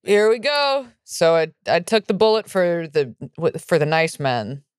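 Woman comedian, wry deadpan delivery, smooth clear voice, dry close mic. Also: deep voice, normal speed, no room sound. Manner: wry, deadpan jokes, swears freely. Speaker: stand-up comedian, podcast co-host. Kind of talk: casual comedic chat.

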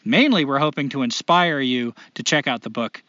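A man co-hosting a casual podcast, joking and animated. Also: normal speed, dry recording, muffled recording. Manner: joking, animated, swings up in pitch. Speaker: podcast co-host.

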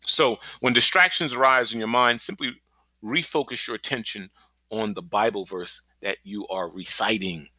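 Man, pastor, encouraging podcast sermon, very bright tone, dry close sound. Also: fairly low pitch, normal speed, dry recording. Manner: energetic, keeps asking "right?".

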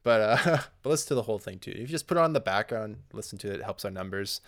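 A Canadian man co-hosting a podcast in casual chat, relaxed and informative, with rambling asides. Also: on the low side, rapid-fire, creaky. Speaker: podcast co-host.

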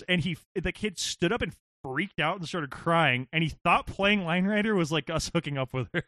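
A young man telling a funny story in casual chat, animated and laughing often, with frequent swearing. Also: on the high side, normal speed, dry recording, studio quality.

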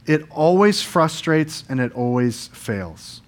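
A male pastor preaches an earnest sermon in church, explaining scripture and sometimes giving voice to quoted speakers. His pitch is fairly high, his delivery very animated and slow.

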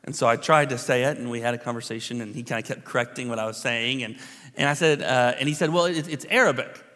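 A man in his thirties, a pastor telling a personal story in a relaxed, conversational sermon with many fillers and restarts. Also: mid-range voice, fast talker. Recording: long hall reverb.

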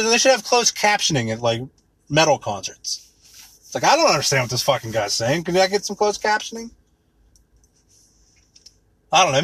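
A man's voice: mid-range voice, fairly bright tone, slightly rough, dry recording. A man in his thirties ranting with rambling sarcasm and heavy swearing, mocking things in put-on voices. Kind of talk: profane comedic rant.

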